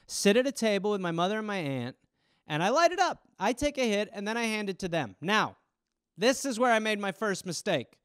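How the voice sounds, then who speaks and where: Animated, profane man telling stories. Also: high voice, a little fast, clean tone, dry recording, clean studio sound. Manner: profane, animated, acts out quoted voices. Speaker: podcast host. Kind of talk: casual storytelling monologue.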